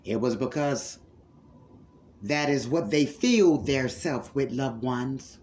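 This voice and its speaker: Man, spiritual healer-preacher, slightly higher voice, slow fervent sermon, repeats phrases, calls listeners loved ones. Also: animated, a little mellow.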